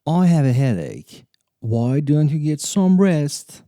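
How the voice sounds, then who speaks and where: Slow, dark-voiced man reading English drills. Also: fairly high pitch, very animated, dry recording, clean studio sound. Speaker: English teacher. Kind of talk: slow scripted reading of example sentences.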